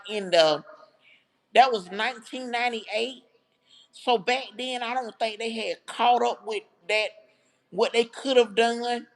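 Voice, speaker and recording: A woman talks straight to her livestream viewers. Her voice sits a little high, and her storytelling is heartfelt and chatty, full of asides to the chat. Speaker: livestream host.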